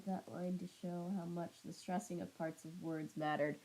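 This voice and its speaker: A woman's voice: fairly low pitch, flat delivery, normal speed, darkish tone, slight background noise. A woman reading a children's book aloud with casual asides. She stumbles over words, laughs at herself and apologizes.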